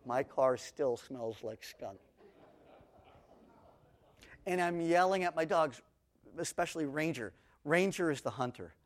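A man with a fairly high voice teaches verse by verse through the Psalms. He swings from booming, insistent emphasis down to quiet, confiding asides. His pitch rises sharply whenever he reads scripture aloud. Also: animated, a little slow, long pauses. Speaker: Bible teacher. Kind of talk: expository sermon on the Psalms.

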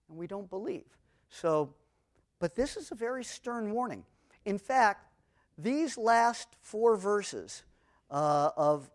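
A man with a fairly high voice teaches verse by verse through the Psalms. He swings from booming, insistent emphasis down to quiet, confiding asides. His pitch rises sharply whenever he reads scripture aloud. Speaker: Bible teacher. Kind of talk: expository sermon on the Psalms.

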